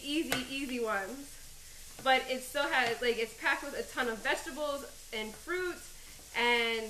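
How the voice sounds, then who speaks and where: This cooking show host rambles and chats on a live stream from her home kitchen, eyes watering from the onions she's chopping, often laughing at herself. Her pitch is a little high, and the audio carries reverb and background noise.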